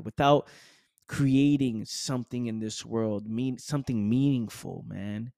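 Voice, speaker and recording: A man's voice: mid-range voice, measured pace, gravelly, dark tone, no room sound, clean studio sound. A man hosting a podcast, giving a passionate motivational monologue full of slang and repetition. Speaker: podcast host.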